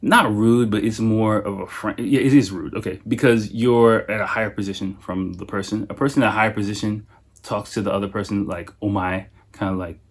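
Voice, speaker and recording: Lively, swearing man hosting a podcast. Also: on the low side, fairly quick, husky. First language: English. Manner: animated storyteller, swears freely, laughs often. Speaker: podcast host. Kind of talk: casual solo podcast chat.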